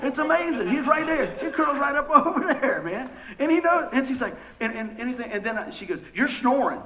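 Brisk and lively in intonation, the pastor's very high voice comes across pushed and bright. The low-quality recording captures a casual sermon of joking, folksy tales riddled with stammered restarts.

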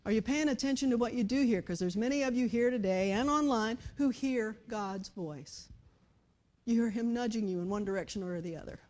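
High-voiced woman preaching with animated energy. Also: fairly quick. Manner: animated storytelling, acts out voices, shifts from hushed to loud. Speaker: pastor. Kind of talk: sermon.

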